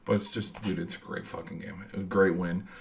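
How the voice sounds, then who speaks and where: A man's voice: deep voice, steady tone, fairly quick, vocal fry, a little hiss or hum. A young man telling a game-day story in a casual, rambling way, swearing freely and filling with "like". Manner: rambling, profane, lots of "like". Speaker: college football fan vlogger.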